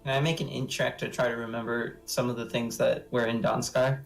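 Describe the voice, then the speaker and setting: Man player, quick and joking. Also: medium pitch, level tone, creaky, rough recording. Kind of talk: casual chat at a tabletop game.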